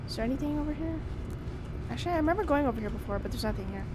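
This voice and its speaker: A chatty woman streamer talks playfully through her game in a high, bright-sounding voice. Her commentary stays casual and giggly. A faint hiss sits behind her. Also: expressive, racing.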